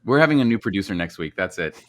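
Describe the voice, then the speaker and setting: A man hosting a podcast in casual chat, joking and sarcastic with an animated delivery. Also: fairly low pitch, rapid-fire. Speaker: podcast host.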